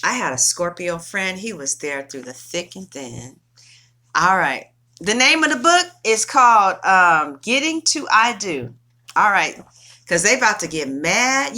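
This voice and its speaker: Middle-aged woman from California, talkative tarot reader, bright and crisp, emphatic, salty language. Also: medium pitch, big pitch swings, a little slow. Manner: chatty, emphatic, swears freely. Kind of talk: casual chat to viewers.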